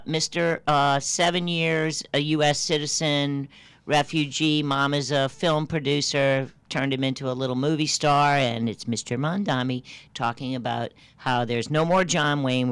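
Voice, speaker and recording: A man's voice: on the high side, fairly bright tone, smooth, no echo. Upbeat folksy male radio co-host. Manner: upbeat and quick to laugh, folksy. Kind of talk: casual radio talk.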